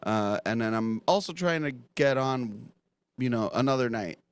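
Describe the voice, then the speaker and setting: A man's voice: medium pitch, lively intonation, normal speed, clear, resonant tone. A man guest on a podcast, talking casually and hedging about details. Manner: unsure, hedging. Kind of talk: casual chat.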